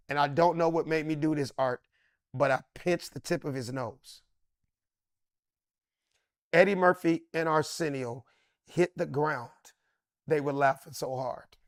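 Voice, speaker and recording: A middle-aged man, a comedian, telling a story with excitable swings into loud, high bursts. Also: measured pace, long pauses, dry recording, studio quality. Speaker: comedian guest. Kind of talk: animated storytelling.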